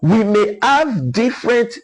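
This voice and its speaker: A man's voice: high voice, very animated, unhurried, low-quality recording. A middle-aged Nigerian man with a Nigerian accent, a guest explaining things in a lecturing way and sounding out example words. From Nigeria (Ukwuani, Delta). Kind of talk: explaining conversation.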